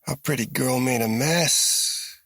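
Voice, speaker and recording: A man voicing a gruff, crude young man who mutters blunt remarks in a gravelly voice. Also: medium pitch, takes it slowly, a bit bright, dry recording, voice pushed up, heavily acted.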